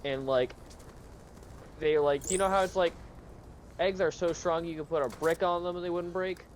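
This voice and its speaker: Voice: medium pitch, steady tone, normal speed, slight background noise. A person chatting eagerly with friends during a game stream, filling stories with "like" and "um". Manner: chatty, eager storyteller with fillers. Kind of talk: casual gaming chat.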